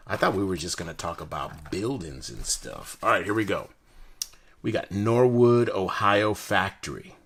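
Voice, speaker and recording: A young man from the United States chatting casually and excitedly while opening and reviewing card decks, full of slang and jokes. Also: deep voice, slightly rough. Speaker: card collector host. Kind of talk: casual unboxing chat.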